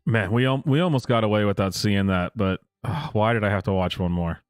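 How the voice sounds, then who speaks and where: A man hosting casual reaction commentary, incredulous and halting, often breaking into laughter. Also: fairly low pitch, smooth, no room sound, clean studio sound, soft background music. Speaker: host.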